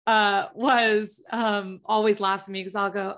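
A woman's voice: mid-range voice, steady tone, measured pace, fairly bright tone. Giggly Southern woman podcast host. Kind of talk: casual interview chat.

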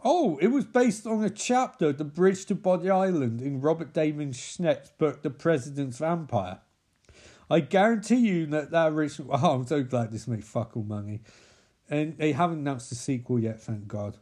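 A man's voice: a little high, expressive, normal speed, mellow, breathy edge. A man recapping a film in a sarcastic, sweary, mocking way, with exasperated sighs. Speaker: film reviewer.

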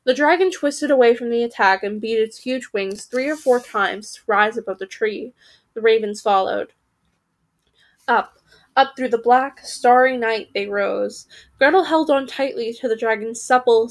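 Lively woman reading a storybook aloud. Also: on the high side. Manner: lively, occasionally stumbling and correcting herself. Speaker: podcast reader.

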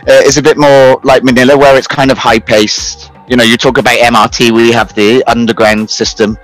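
A man's voice: mid-range voice, little pitch movement, brisk, fairly bright tone, poor audio. Rambling man with faint music. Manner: rambling, lots of fillers and restarts, laughs at himself. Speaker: guest telling his life story. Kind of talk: casual spoken account.

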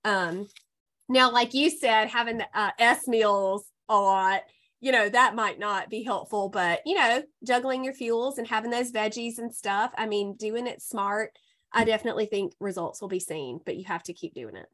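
Lady podcast host, bright voice, gushing and laughing a lot. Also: medium pitch, normal speed. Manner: warm, effusive, laughs often. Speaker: podcast host and health coach. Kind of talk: casual podcast chat.

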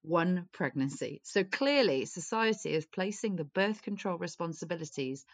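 A young woman with a slightly low voice talks with a friend in an easy, chatty way. She tells stories with lots of expression and swears without a second thought. Her voice sits close and dry on the mic. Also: normal speed, dry recording. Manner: animated storyteller, swears freely, acts out friends' voices. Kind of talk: casual chat.

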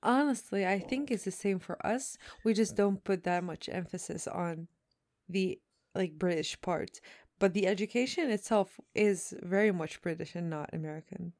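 A woman's voice: fairly low pitch, moderate pace, a little mellow, no room sound, studio quality. A woman from the Netherlands co-hosting a podcast, chatting casually and teasing her partner, often breaking into laughter. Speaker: podcast co-host. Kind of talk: casual chat.

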